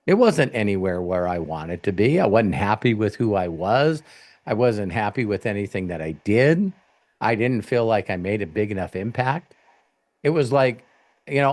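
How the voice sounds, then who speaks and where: A man coaching in a live Q&A, telling stories in a blunt, profane, animated way. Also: mid-range voice.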